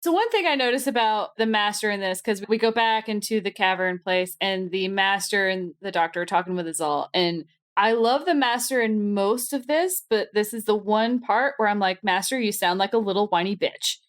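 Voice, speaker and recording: A woman's voice: mid-range voice, normal speed. A woman co-hosting a podcast in casual chat, blunt and often laughing. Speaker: podcast co-host.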